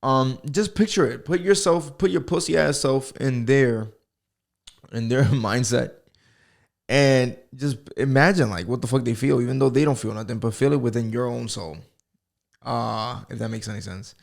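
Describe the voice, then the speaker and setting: Speaking at a normal speed with a medium, creaky voice, this young podcast host from the United States rambles through a casual solo comedy episode. He swears freely and keeps cracking himself up.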